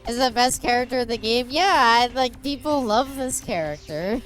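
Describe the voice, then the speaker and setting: A woman's voice: fairly high pitch, moderate pace, soft background music. A young Canadian woman with a Canadian accent giving chatty, giggly commentary while streaming a game. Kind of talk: gameplay commentary.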